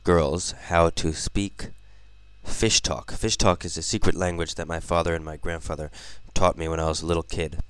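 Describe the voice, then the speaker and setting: A man's voice: sits low, fairly even intonation, normal speed, clear, resonant tone. A man narrating his vlog casually, explaining things step by step. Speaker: vlogger.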